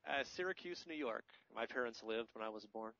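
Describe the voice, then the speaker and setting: A man's voice: medium pitch, expressive, fairly quick, sharp tone, dry recording. An American man hosting a podcast in casual, joking, rambling chat. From United States. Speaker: podcast host. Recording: dry, slightly muffled podcast audio.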